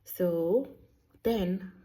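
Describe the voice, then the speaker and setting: A woman, casually telling a faith story in a chatty, animated way. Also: fairly low pitch, drawn-out words. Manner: chatty, animated, sprinkles in Swahili words. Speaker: vlogger sharing a faith testimony.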